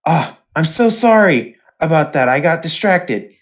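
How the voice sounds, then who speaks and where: A woman's voice: low-pitched, lively intonation, a little slow. A woman voicing a cocky young woman student who teases her rival. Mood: friendly. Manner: teasing, boastful.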